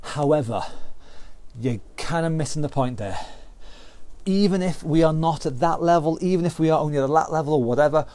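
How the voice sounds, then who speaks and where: Fairly high-pitched and mellow, this British man's voice guides an online workout as he counts down rounds and calls moves with encouragement. There's no room sound.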